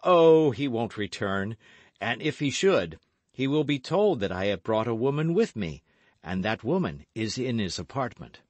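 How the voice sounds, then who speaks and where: A man's voice: medium pitch, big pitch swings, measured pace, a little mellow, no room sound. Man playing a gallant young guardsman. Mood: earnest. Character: bold young male guardsman, earnest and gallant.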